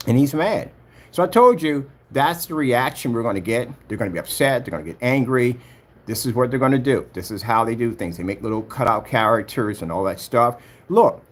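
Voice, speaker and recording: A man's voice: mid-range voice, slight background noise. A man who makes projector screens, giving heated vlog commentary and taunting a rival with repeated jabs. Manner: taunting, repeats himself, talks straight at a rival. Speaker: projector screen maker vlogger.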